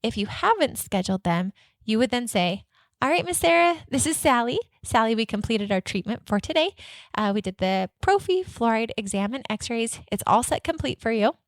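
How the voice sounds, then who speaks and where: A woman hosting a dental practice podcast, coaching staff in an energetic, upbeat way and acting out both sides of patient conversations. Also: on the high side, moderate pace, no room sound, clean studio sound. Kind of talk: instructional podcast with role-played office dialogue.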